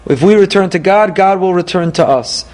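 A man, apparently middle-aged, leading a Torah class, lively and emphatic, reading Hebrew verses and paraphrasing them. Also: high-pitched, normal speed. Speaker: rabbi teaching weekly Torah portion.

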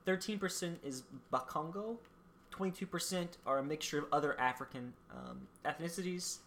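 A woman's voice: low-pitched, animated, moderate pace, slight background noise. A woman co-hosting a casual podcast, reading out facts with dry jokes and frequent ums. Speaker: podcast co-host presenting country facts.

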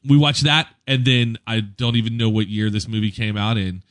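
A man in his forties in casual chat, an animated storyteller who laughs as he talks. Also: fairly low pitch, normal speed.

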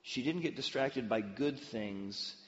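A man's voice: mid-range voice, slow. Man, pastor preaching, storytelling, long hall reverb, muffled sound. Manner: storytelling with lively acted-out voices. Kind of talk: sermon.

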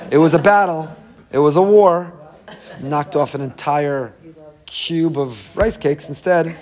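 A man's voice: a little high, a little mellow. A man giving an informal Torah talk as a religious teacher, humorous, self-deprecating and conversational, with sudden emphatic rises.

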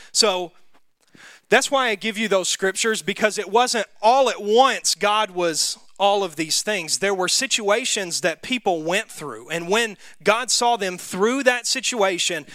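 A man's voice: sits high, animated, unhurried, bright, forceful tone, no room sound, clean studio sound. A man with a Southern US accent teaching a Bible class, casually quizzing the group and poking fun at himself. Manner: conversational, quizzes the group, self-deprecating.

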